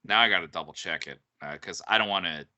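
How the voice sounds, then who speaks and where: A man's voice: low-pitched, fast, pushed and bright. A man co-hosting a podcast, chatting casually with frequent laughs and hesitations. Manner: laughs often, hesitant with ums. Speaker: podcast co-host and author. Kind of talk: casual chat.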